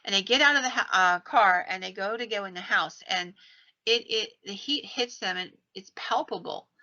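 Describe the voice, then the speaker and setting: Bright-voiced woman telling ghost stories. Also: mid-range voice, moderate pace. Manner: animated retelling, acts out quoted lines in her own voice. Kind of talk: casual storytelling. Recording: slightly dull lo-fi podcast audio.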